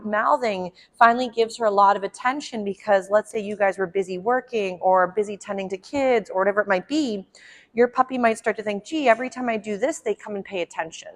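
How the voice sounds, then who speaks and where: A woman's voice: mid-range voice, a bit bright. Friendly woman dog trainer explaining. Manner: friendly and explanatory, with frequent ums and asides to the puppy. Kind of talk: instructional dog-training demo. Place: at home, training a puppy.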